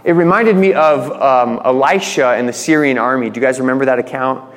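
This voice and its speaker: A man's voice: mid-range voice, brisk, long reverb tail. A man preaching a sermon in a conversational way, retelling stories with voiced quotes. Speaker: pastor.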